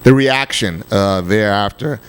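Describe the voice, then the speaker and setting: Male radio-podcast host, lowish voice, casual and crude, lots of ums. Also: clear, resonant tone. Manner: halting, filler-heavy, crude.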